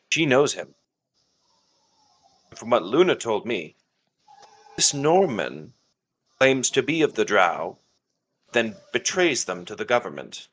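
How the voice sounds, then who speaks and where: A man's voice: mid-range voice, fairly bright tone. A man playing an earnest male adventurer in a tabletop game, passing news on in a plain, matter-of-fact way.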